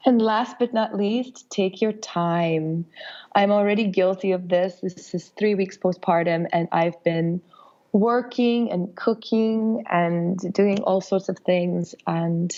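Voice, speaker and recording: A young woman with a raspy, hoarse voice from a cold, speaking gently and reflectively as a podcast guest, with many fillers and restarts. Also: mid-range voice, unhurried, lo-fi sound. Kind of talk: casual conversation.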